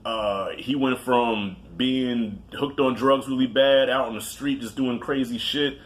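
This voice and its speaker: A man counts down his favorite movies in a casual, rambling way, full of restarts and swearing. His pitch sits in a middle range for a man, and he jokes at his own expense as he goes. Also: fairly even intonation, unhurried. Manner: loose and profane, with self-mocking asides. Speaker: movie reviewer.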